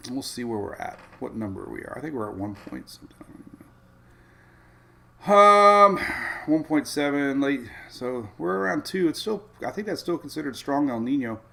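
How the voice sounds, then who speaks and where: A middle-aged man chatting on a casual weather livestream from a home studio. He rambles and thinks aloud, dropping plenty of ums and uhs. His voice sits at an ordinary mid pitch. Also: big pitch swings, moderate pace, creaky, pushed and bright. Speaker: weather show host.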